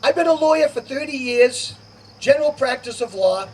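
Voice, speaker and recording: Man, high voice, emphatic stump speech, distant outdoor mic, faint insects. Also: animated, moderate pace, slight background noise. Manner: emphatic, repetitive, punchy promises. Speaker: political candidate. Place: outdoor summer garden party. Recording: distant outdoor recording, crickets.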